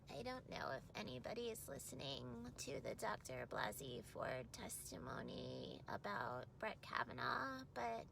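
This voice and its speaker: An actress doing an impression of a grown woman with a babyish, breathy voice full of heavy vocal fry, in a comedic clip. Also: lowish voice, very animated, fairly bright tone, slight background noise, full character voice, rough recording. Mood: mocking. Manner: breathy, halting, whispery.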